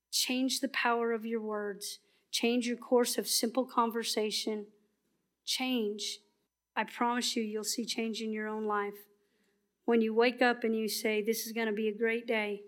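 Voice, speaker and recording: A woman giving a passionate, emphatic sermon at church that often turns soft and earnest. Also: fairly high pitch. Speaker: church speaker.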